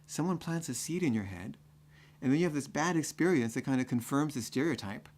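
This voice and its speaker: A man's voice: mid-range voice, fairly quick. A man telling a personal story in a conversational way, full of fillers. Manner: conversational, full of fillers, builds to excited acting-out.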